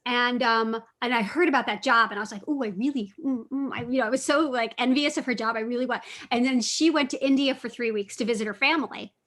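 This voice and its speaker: Middle-aged woman author, slightly high voice, chatty and self-correcting, casual talk with kids. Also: quick pace, few pauses, a bit bright. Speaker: cookbook author and food writer. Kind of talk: casual talk answering students' questions.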